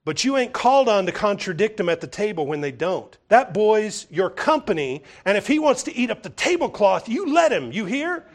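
A no-nonsense housekeeper woman, played by a man, laying down the law in a firm, commanding tone. Her voice rides fairly high and moves a lot as she scolds. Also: big pitch swings, normal speed, hardly any pauses. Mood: scolding.

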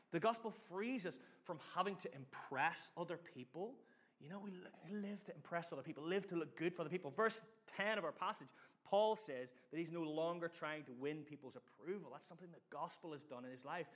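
Chatty, lively middle-aged male preacher. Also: on the high side, brisk, slightly rough. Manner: lively, chatty, self-deprecating with audience call-and-response. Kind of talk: sermon with personal stories.

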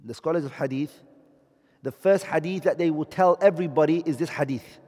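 A man's voice: a little high, darkish tone, long reverb tail. A man teaching a class, explaining step by step and often checking that his students follow. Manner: explains slowly, checks understanding with questions. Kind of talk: classroom lecture.

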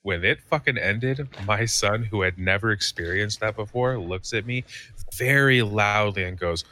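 A man's voice: lowish voice, normal speed, sharp tone, slight background noise. A man co-hosting a casual podcast, telling an anecdote about his son with enthusiasm. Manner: enthusiastic, storytelling. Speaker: podcast co-host. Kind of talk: casual chat.

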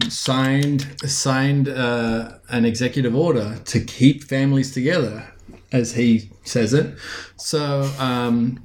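A man born outside the US co-hosts a casual podcast chat, speaking with frequent fillers and restarts. His voice is medium-pitched and a little mellow, recorded in an echoey room.

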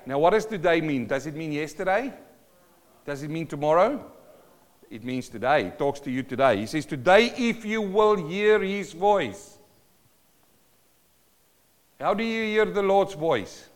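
A man's voice: on the high side, sing-song, normal speed, big-room sound. A man preaching a sermon, emphatic and calling out to the congregation for responses.

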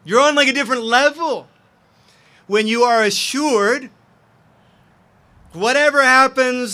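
A man's voice: very high voice, measured pace, long pauses, pushed and bright. A man preaching a sermon as pastor, earnest and impassioned.

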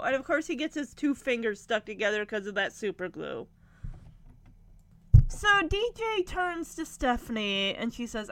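A woman casually recapping a sitcom episode, animated and acting out the characters' lines. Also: sits high, moderate pace. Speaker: recap vlogger.

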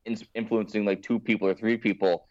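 A Canadian man co-hosting a podcast, easygoing and quick to laugh. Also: lowish voice, little pitch movement, no room sound, dull audio. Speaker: podcast co-host. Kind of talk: casual chat.

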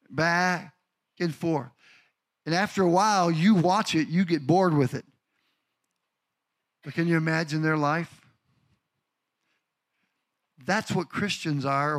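Animated older male pastor preaching. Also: fairly high pitch. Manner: animated, asks the congregation questions, acts out stories. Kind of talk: sermon.

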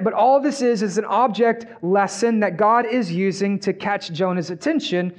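A man's voice: high-pitched, normal speed. A man preaching a sermon in a conversational way, often checking in with the audience. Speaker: pastor. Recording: dull, muffled sound.

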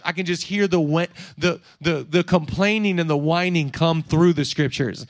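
A man in his thirties preaching a sermon in a playful, energetic way, joking and acting out quotes from the story. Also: fairly high pitch, moderate pace, hardly any pauses, no echo, studio quality. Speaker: pastor. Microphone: seated on a stool.

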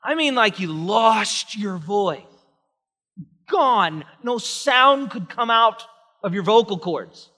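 A male pastor preaching a sermon in a church sanctuary, emphatic and swinging from hushed to loud. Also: high-pitched, animated, slow pace. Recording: long reverb of a large church hall.

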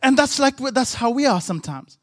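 A man's voice: very high-pitched, sing-song, brisk, fairly bright tone, no echo. A man pastor preaching a sermon with emphatic, repetitive rhythmic phrasing.

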